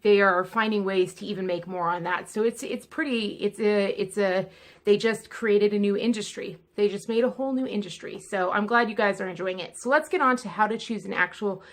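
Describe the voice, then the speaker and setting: Woman vlogger, casual chat to camera, candid and chatty, in pain and fidgety. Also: mid-range voice. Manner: candid, chatty, speeding up and slowing down.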